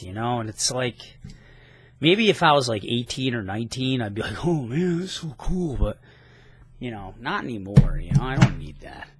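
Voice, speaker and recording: A man of middle pitch chats about his comic purchases in a loose, rambling way. His enthusiasm spills out with casual swearing. The sound is dry and close, with little room. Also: fairly bright tone, dry recording. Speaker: comic book vlogger. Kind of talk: casual review vlog.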